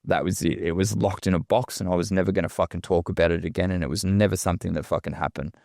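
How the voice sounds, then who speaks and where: Deep-voiced Australian man, raw and halting. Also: steady tone, vocal fry, darkish tone, no echo, studio quality. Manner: raw, halting, heavy swearing. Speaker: podcast guest. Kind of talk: emotional personal testimony.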